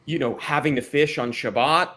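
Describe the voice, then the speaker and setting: An American man telling stories in a casual livestream chat, laughing often and talking with lively energy. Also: a little high, normal speed. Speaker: cast member on a livestream.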